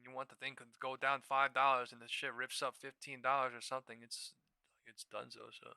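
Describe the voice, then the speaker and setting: Guy live-streaming trades, swears a lot, super bright tense voice, dry close mic. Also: medium pitch, a little fast, gravelly, smooth, no echo. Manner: excitable, profane, thinks aloud over charts. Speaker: live stock trading streamer. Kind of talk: casual live-stream commentary.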